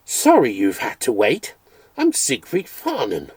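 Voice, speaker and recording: A man voicing a tall, thin, good-humoured English country vet, relaxed and friendly. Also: medium pitch, unhurried, breathy edge, dry recording, exaggerated voice. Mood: amused.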